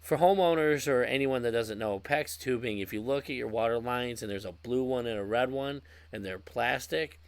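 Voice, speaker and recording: A man's voice: medium pitch, moderate pace, hardly any pauses, smooth, no echo. A man co-hosting a podcast in casual chat, swearing freely and acting out his own angry outbursts. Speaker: podcast co-host.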